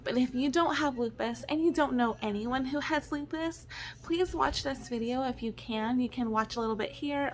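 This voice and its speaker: A woman in her thirties, a stay-at-home mom, talking in an earnest, apologetic personal vlog while choking up with tears. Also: fairly high pitch. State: tearful, choking up.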